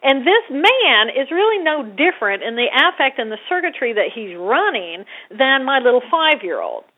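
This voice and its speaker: A woman guest explaining ideas in a conversational way. She gets animated and acts out little scenes with a rising voice. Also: high-pitched, moderate pace, breathy edge. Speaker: guest brain scientist. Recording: tinny phone-line audio.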